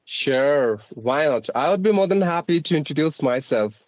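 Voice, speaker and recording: A man's voice: fairly high pitch, lively intonation, normal speed, dry recording, lo-fi sound. A man with an Indian accent who teaches English, hosting a casual speaking-practice conversation in a formal, articulate way.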